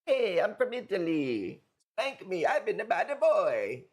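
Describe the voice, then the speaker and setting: A crude, taunting caricature of an Italian man, as a streamer puts him on, pitched well above his own voice and swinging up and down. The mock accent is thick and exaggerated. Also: huge pitch swings, measured pace, slightly rough, heavily acted.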